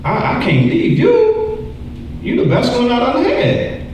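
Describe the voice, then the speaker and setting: Brief: a man doing a cackling male demon, shrill and gloating, heard from a distant mic in an echoey room. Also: wildly swooping pitch, slow, darkish tone, a little hiss or hum, exaggerated voice. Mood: clingy. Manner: cackling, high and taunting. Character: gleeful male demon bragging about its host.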